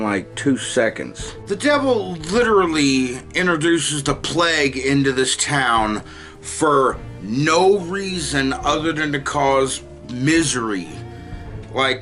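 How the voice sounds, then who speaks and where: A man's voice: mid-range voice, fairly bright tone. A man giving a casual, sarcastic and profane film review, retelling scenes.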